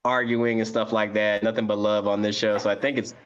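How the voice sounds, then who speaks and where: A man co-hosting a podcast, talking with eager, fan-like excitement that pushes his voice higher. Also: a little fast, clean tone, lo-fi sound. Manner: excited, rising pitch, fan-like enthusiasm. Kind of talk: casual chat.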